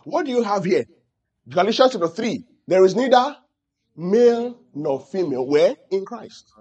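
A husky-voiced man delivering a teaching sermon to his congregation. His pitch sits a touch high and swings widely as he presses points home, stopping again and again to put questions to the room. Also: very animated, moderate pace, darkish tone, highs cut off. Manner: calls out questions to the audience. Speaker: pastor.

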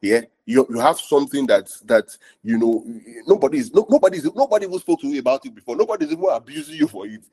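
A man's voice: medium pitch, expressive, fast talker, few pauses, warm tone, breathy edge, no room sound. A man preaching a sermon, explaining scripture verse by verse, repeating himself and asking the audience questions.

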